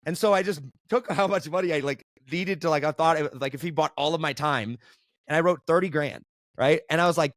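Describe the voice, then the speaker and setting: A man telling stories as a guest in a casual interview, animated and constantly checking in with "right?". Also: fairly high pitch, a little fast, no room sound. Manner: animated, keeps asking "right?". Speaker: podcast guest, entrepreneur.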